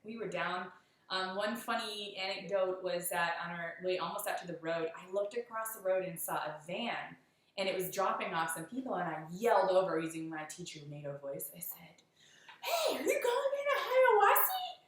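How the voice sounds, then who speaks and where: Woman, chatty storyteller, lower voice, echoey distant room. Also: normal speed. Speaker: hiker vlogger. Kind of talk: casual after-show commentary.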